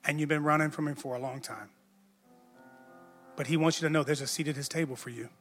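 A man's voice: a little high, fairly even intonation, fast, a bit bright. A man, a pastor, telling a personal story in a conversational sermon, self-mocking and repeating words as he builds up. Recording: music under a long hall echo.

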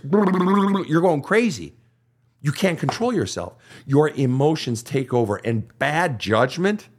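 Husky and medium-pitched, this man hosts a counseling podcast where he hands out blunt, emphatic advice laced with swearing. It's profane motivational talk.

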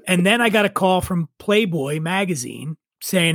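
A middle-aged man, a drinks writer and drinking-show host, telling his story in a casual interview, animated, swearing freely and laughing at himself. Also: high voice, measured pace, no echo, studio quality.

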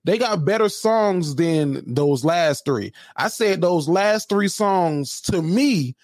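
A man's voice: high voice, animated, takes it slowly, darkish tone, no echo, studio quality. A man co-hosting a comedy podcast, chatting loosely and retelling stories with quoted lines. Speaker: podcast co-host. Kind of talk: casual comedic chat.

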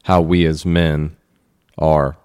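A man co-hosting a podcast, speaking reflectively and personally about faith, with halting repeats. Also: extremely low pitch, little pitch movement, darkish tone, clear, resonant tone, no echo, studio quality. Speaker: podcast co-host. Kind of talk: casual faith discussion.

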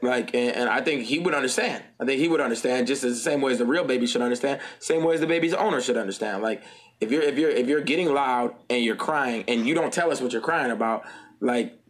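A man's voice: medium pitch, fast talker. A man in a comedic panel debate, talking in a profane, rambling way and acting out what he'd say to people. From Armenian heritage. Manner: profane, rambling, acts out voices.

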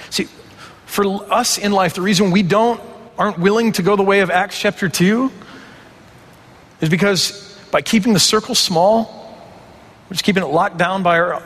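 A man's voice: high voice, fairly bright tone, long reverb tail. A man preaching a conversational sermon, asking rhetorical questions and acting out imagined reactions. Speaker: pastor.

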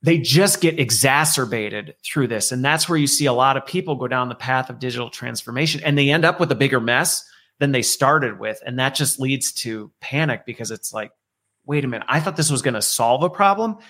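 A man's voice: medium pitch, fairly quick, bright, forceful tone. Male guest, mid-range voice, reflective and conversational, fond of analogies. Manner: reflective, explains with analogies and acted-out quotes. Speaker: guest, learning executive. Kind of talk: conversational interview.

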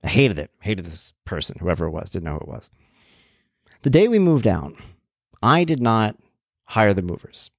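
A man with a lowish voice tells a personal story in a casual, chatty way. His pitch swings widely as he acts out what people said, and the sound is close and dry, with no room echo. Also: moderate pace, long pauses. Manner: animated, acts out quoted exchanges; conversational with fillers and swearing.

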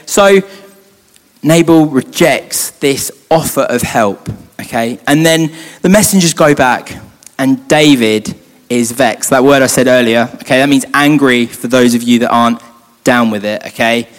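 Chatty young youth leader telling a story. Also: male voice, medium pitch, unhurried. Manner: chatty, joking asides, many fillers. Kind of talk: casual Bible storytelling talk. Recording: long hall reverb.

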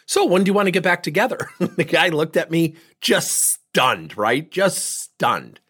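A man's voice: a little high, very animated, unhurried, pushed and bright, husky. A man giving a talk, telling a story and acting out both sides of a conversation. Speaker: speaker on leadership and feedback.

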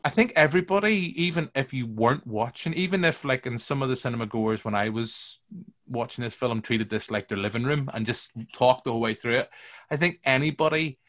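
A man's voice: medium pitch, brisk, fairly bright tone. A man hosting a casual film review podcast, teasing his guests and rambling through long opinions. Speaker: podcast host.

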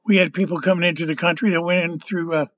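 Older man, high husky voice, halting rambling monologue, dull dry lo-fi recording. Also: level tone, fairly bright tone, no echo. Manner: rambling, halting, stumbles over words. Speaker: political commentator. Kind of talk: casual political monologue.

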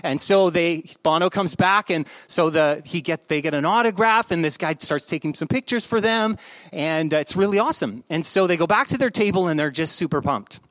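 A man preaching a sermon in a relaxed, conversational way, telling stories with humor. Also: a little high, brisk, no room sound. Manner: conversational, joking storyteller. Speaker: pastor.

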